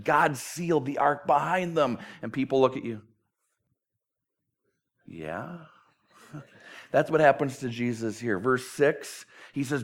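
A man preaching a sermon in a conversational way, acting out dialogue with self-deprecating humor. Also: mid-range voice. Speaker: pastor.

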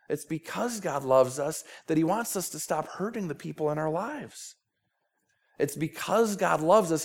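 A man with a Minnesota accent preaching a sermon, earnest and pleading, often repeating words as he presses his point. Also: on the high side. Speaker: pastor.

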